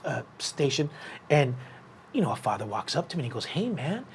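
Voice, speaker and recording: A man co-hosting a combat sports podcast, telling a story in casual chat and jumping into a higher voice when he acts out what people said. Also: a little fast, slight background noise. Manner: animated, acts out quoted people in a raised voice. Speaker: podcast host.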